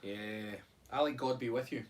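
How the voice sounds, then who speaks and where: A man's voice: mid-range voice, fairly even intonation, moderate pace. A man co-hosting a casual stream, playful and bantering with his partner. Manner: playful banter, sing-song interjections. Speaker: co-host of a live stream. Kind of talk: casual chat.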